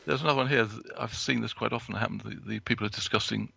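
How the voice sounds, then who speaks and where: A man with a heavily gravelly, creaky voice and a bright, sharp edge to it. He talks from prepared notes in a halting way, stopping and restarting his sentences often. The recording is close and dry. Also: on the low side, steady tone, no room sound. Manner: halting, with many restarts and fillers. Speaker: guest speaker.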